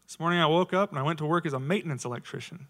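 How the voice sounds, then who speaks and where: A man's voice: on the high side, very fast, a bit bright. A man in his thirties giving a casual, conversational sermon to his church, full of rhetorical questions. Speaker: lay preacher.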